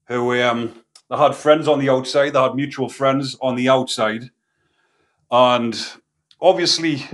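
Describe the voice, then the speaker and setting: A man hosting his own channel, talking casually and rambling with informal slang, a little out of breath. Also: medium pitch. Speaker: channel host. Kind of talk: casual talk to camera.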